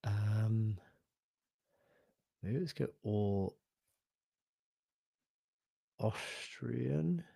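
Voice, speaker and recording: Guy hosting a live webinar demo, deep-ish voice, dry computer mic, lots of um and uh as he clicks around. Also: extremely slow, vocal fry, long pauses, breathy edge, dry recording. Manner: relaxed, hesitant, with fillers and self-corrections. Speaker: webinar presenter. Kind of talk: live software demo, thinking aloud.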